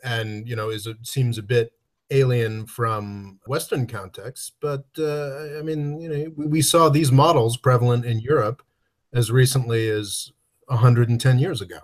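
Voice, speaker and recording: A man's voice: mid-range voice, fairly even intonation, unhurried. Man interjecting in political chat. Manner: interjecting, hesitant. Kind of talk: casual political discussion.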